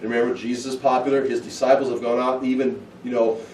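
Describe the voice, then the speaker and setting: A man teaching through a Bible passage, talking casually and acting out the scenes with lively bursts. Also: medium pitch, fast talker, slight background noise. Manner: animated, acts out scenes with excited outbursts. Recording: echoey room, heard from a distance.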